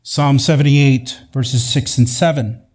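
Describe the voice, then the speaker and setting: A man preaching a sermon in a measured, emphatic way, repeating key phrases for weight. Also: medium pitch, fairly even intonation, a little mellow. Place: church sanctuary.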